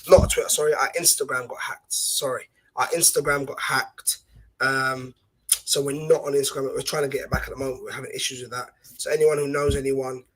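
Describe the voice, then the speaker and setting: A man appearing as a guest fan pundit on a football podcast, arguing passionately and rapidly in casual debate. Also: medium pitch, a bit bright.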